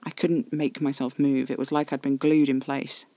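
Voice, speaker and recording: A man's voice: mid-range voice, level tone, moderate pace, dark tone, dry recording. A man giving tense, intimate first-person narration of a horror audio drama.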